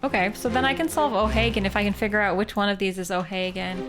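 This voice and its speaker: A woman's voice: mid-range voice, fairly even intonation, fast. A woman from Canada streaming a game live, thinking aloud in a playful way. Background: game music.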